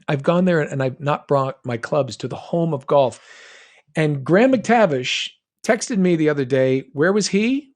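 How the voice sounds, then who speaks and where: An American man with a General American accent answering fan questions on a live stream, chatty and joking, with quick asides and restarts. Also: a little high, darkish tone. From United States. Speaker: guest voice actor answering fan chat. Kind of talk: live stream Q&A, reading chat questions aloud.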